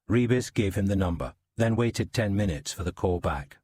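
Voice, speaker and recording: A man reading a crime novel as narrator, in an even, understated way. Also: low-pitched, normal speed, few pauses. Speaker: audiobook narrator. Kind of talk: scripted narration.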